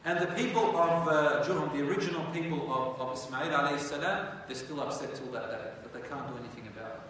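This male speaker talks fast in a somewhat bright, higher-than-average voice. His religious history lesson unfolds like a chatty story, peppered with rhetorical questions for the audience, and the recording comes from far off in a reverberant hall with slight noise.

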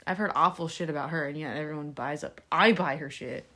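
A woman's voice: deep voice, fairly quick, fairly bright tone, breathy edge. A young woman co-hosting a podcast, chatting casually, blunt and jokey with lots of swearing. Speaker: podcast co-host. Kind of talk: casual chat.

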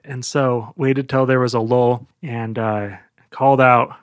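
Brief: relaxed man telling a story joke, mid-pitched, dry close mic. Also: normal speed, dry recording. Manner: relaxed, laid-back storytelling.

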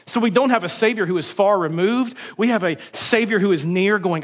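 A man's voice: high voice, brisk. A man preaching a sermon as pastor, emphatic and punchy, with rhetorical questions to the congregation.

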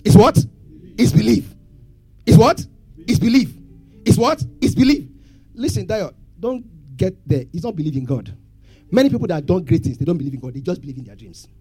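A man's voice: high voice, very animated, brisk, long pauses, warm tone, slightly rough, faint music behind. A man preaching a sermon, asking the congregation questions and having them answer back. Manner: call-and-response questions to congregation. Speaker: pastor.

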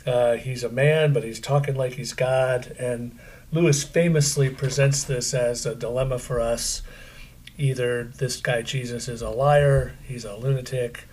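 A man's voice: medium pitch, a little mellow. A middle-aged man from central Pennsylvania, co-hosting a podcast in a chatty, joking, self-deprecating way. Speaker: podcast co-host. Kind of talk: casual podcast chat.

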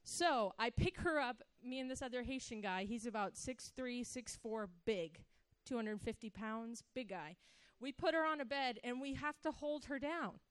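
A middle-aged woman telling a personal story in an animated way, acting out the voices she quotes. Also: fairly high pitch, normal speed, smooth, no echo. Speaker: speaker sharing a personal story.

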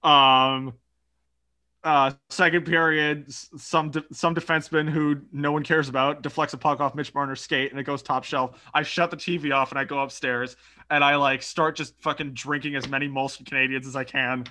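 A man's voice: a little high, steady tone, moderate pace, pushed and bright. A young man co-hosting a casual sports podcast, telling a story animatedly with swearing and laughter. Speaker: podcast co-host. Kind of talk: casual chat.

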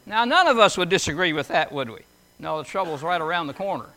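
High, bright-voiced man preaching a folksy sermon. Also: lively intonation, fast. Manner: conversational, asks the audience questions, tells homely stories. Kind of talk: folksy sermon with scripture readings.

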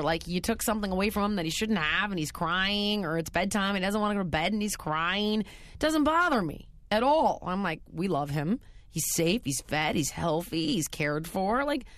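A woman's voice: medium pitch, sing-song, normal speed, a bit bright, no room sound, studio quality. Blunt, emphatic woman giving advice. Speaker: radio advice show host. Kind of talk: casual chat.

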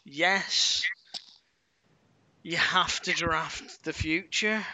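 A man's voice: on the high side, very slow, bright, forceful tone, no room sound. A man co-hosting a casual sports podcast, hesitant and restarting his sentences. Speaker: podcast co-host.

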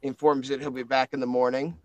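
A man's voice: medium pitch, little pitch movement, fast talker, darkish tone, no echo, rough recording. A man narrating a tabletop game as game master, casual and rambling with lots of fillers.

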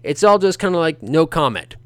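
A male podcast host giving opinionated boxing commentary, animated, ranting and sarcastic. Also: a little high, fairly quick, no echo.

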